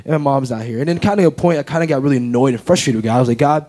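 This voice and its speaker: A young American man gives a personal testimony as an interview guest. His voice is warm and mellow. He tells his story earnestly and from the heart. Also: mid-range voice, very fast. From United States.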